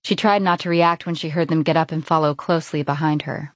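A woman narrating an audiobook in an even, clear reading voice. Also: sits low, a little fast, no echo. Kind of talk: scripted narration.

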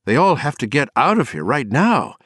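A man's voice: mid-range voice, very animated, normal speed, fairly bright tone, no room sound, pitched above the performer's own voice. Man doing a frightened woman, storybook thoughts, urgent, pleading, dry close sound.

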